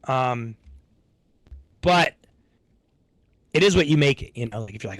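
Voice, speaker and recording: A man's voice: mid-range voice, lively intonation, unhurried, pauses often, no room sound. A man streaming to his audience in rambling, laid-back casual chat, swearing freely.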